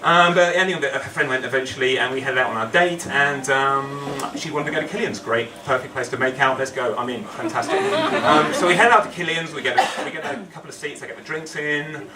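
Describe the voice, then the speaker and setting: A man's voice: mid-range voice, fast, few pauses. A man telling a true story on stage at a storytelling night, rambling and self-deprecating with humour. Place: event hall. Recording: echoey hall, distant mic, noisy.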